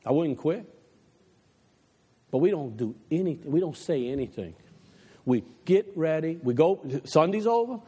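A man preaching a passionate sermon to his church, dropping low and quiet for the advice he quotes, then climbing again. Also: expressive, normal speed, pauses often, slightly rough, in a large hall. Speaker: pastor. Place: church sanctuary.

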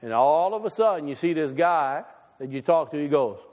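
A man's voice: animated, moderate pace, highs cut off. Man preaching a folksy sermon in a reverberant hall. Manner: folksy, conversational preaching with wide swings in pitch and loudness. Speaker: pastor. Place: church sanctuary.

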